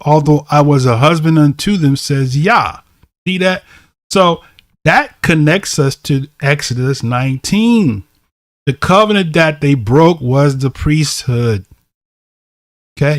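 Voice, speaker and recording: A man's voice: medium pitch, dry recording, clean studio sound. A man teaching a bible lesson, reading verses aloud and explaining them, often asking "right?" to check in with listeners.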